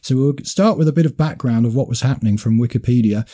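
A man with a very dark, mellow voice hosts a history discussion. He reads passages aloud and comments between them, often restarting and repeating his words. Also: mid-range voice, quick pace, hardly any pauses. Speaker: podcast host. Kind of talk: history discussion reading quotes.

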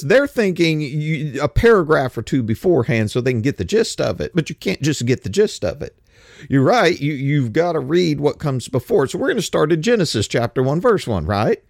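A middle-aged man speaking in a casual spoken monologue, halting with many restarts and rhetorical questions. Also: fairly high pitch, no room sound, studio quality.

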